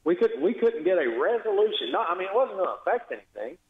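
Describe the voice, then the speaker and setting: A man's voice: high voice, very animated, fast. A man speaks down a tinny, phone-like line, his voice ringing in an echoey space. He talks bluntly and with heavy sarcasm, sounding exasperated as a guest lawmaker calling in to a radio show. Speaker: state legislator guest.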